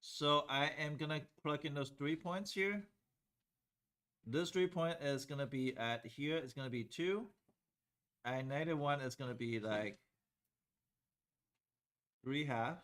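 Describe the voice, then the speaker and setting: A man's voice: a little high, unhurried, long pauses, a bit bright. A man teaching a calculus class, explaining steps conversationally and often checking with students whether they follow. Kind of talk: classroom lecture at a whiteboard.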